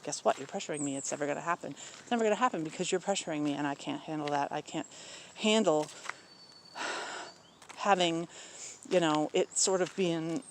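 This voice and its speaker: A man's voice: fairly high pitch, normal speed, pauses often. Candid rambling man, crickets behind. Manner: candid, rambling, many ums, blunt asides. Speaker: vlogger talking about personal life. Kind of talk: casual personal talk. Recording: faint outdoor noise with crickets.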